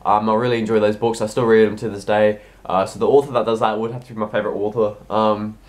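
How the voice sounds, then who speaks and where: A man's voice: fairly low pitch, little pitch movement, fast. A sixteen-year-old boy, sick and coughing, answering viewer questions in a rambling, hesitant casual vlog. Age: teens. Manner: rambling, hesitant, heavy with ums and restarts.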